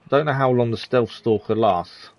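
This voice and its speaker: A man's voice: medium pitch, normal speed, dull audio, background noise. A man from the East of England chatting casually as he plays a game on stream, thinking aloud with plenty of ums. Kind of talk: casual gameplay commentary.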